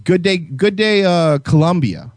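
A man with a high voice that swings all over the place as he riffs, mocking and profane, tripping over his own words as he goes. The sound is dry and close, with no room around it. He talks like a podcast co-host in loose, foul-mouthed banter. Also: animated, measured pace, darkish tone, no room sound. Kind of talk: crude casual banter.

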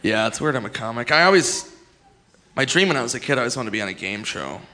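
A man doing a stand-up comedy set, swinging into loud shouted impressions. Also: mid-range voice, expressive, fast, faint music behind. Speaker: stand-up comic.

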